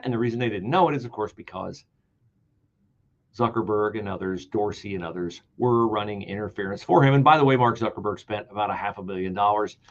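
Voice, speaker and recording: A man's voice: medium pitch, dull audio. A man hosting a political talk radio show, delivering an emphatic, sarcastic monologue that repeats key words for emphasis.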